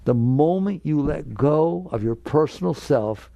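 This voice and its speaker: Older guy, gravelly and mellow, preaching spiritual stuff real emphatic, dry sound. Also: a little high, expressive, a little slow, dry recording, lo-fi sound. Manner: emphatic, direct, acts out inner voices in quotes. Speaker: spiritual teacher. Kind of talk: spiritual talk to an audience.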